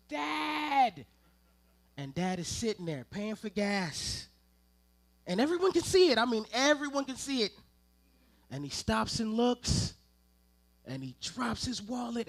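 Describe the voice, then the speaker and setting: A man preaching to a congregation in a high, bright voice. He spins humorous family stories and turns often to his listeners with playful asides. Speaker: ministerial intern preaching. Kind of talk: sermon with personal storytelling. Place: church service before a congregation.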